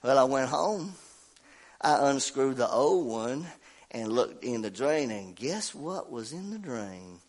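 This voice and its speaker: A middle-aged man, preaching and telling a homey story in a folksy, animated way, his voice congested from a cold. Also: mid-range voice, slow. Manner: folksy, animated, laughs at himself. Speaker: pastor. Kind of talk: sermon with personal story.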